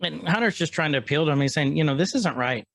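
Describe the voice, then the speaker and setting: A man's voice: on the high side, lively intonation, fast talker, gravelly, a bit bright, no echo. A man co-hosting a podcast, casually retelling episode scenes and quoting the characters. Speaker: podcast co-host.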